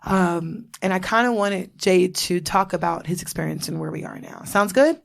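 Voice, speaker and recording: A woman's voice: fairly low pitch, normal speed, creaky. A woman in her thirties from Florida, hosting a casual podcast chat, bubbly and laughing often, swearing freely. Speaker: podcast host.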